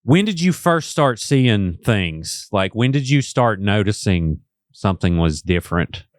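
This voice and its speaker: A man with a West Virginia accent hosting a studio podcast, his voice sitting on the lower side of the male range. He talks in a folksy, rambling way with drawn-out phrases. The sound is close and dry, with no room ring. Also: sing-song, no room sound. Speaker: podcast host. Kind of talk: casual studio conversation.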